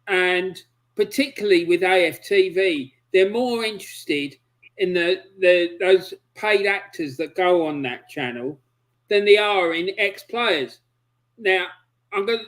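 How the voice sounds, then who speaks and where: A man with a high voice hosts a football chat show, speaking passionately and indignantly about his club in an opinionated way. The audio quality is poor.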